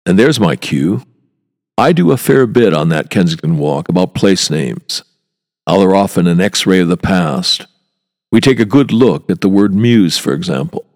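A man's voice: low-pitched, expressive, normal speed, darkish tone, in a large hall. A man, a walking tour guide, hosting a podcast monologue in a wry, chatty way with rhetorical asides.

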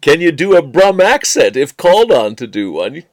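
Give me a chatty, playful male interviewer with a lively, bouncing pitch. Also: moderate pace, slight background noise. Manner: chatty, playful, with frequent backchannels. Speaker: podcast host interviewing a tour guide. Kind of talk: casual interview chat.

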